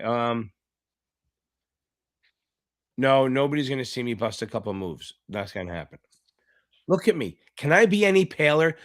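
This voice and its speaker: A man's voice: a little high, fairly bright tone. A man tutoring for a finance exam in a live online Q&A, chatty and joking, swearing freely and reading out viewer names between explanations.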